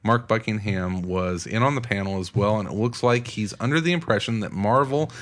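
A man's voice: fairly low pitch, a little fast, fairly bright tone. A man hosting a casual comics talk show, reading listener mail and giving plugs with plenty of filler words. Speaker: podcast host. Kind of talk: casual chat.

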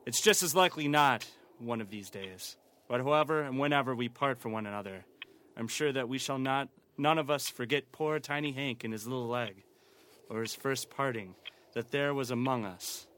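An actor playing a humble, sentimental poor father who speaks softly and earnestly to his family. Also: medium pitch, moderate pace, lightly acted. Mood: tender. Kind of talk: comedy audio parody.

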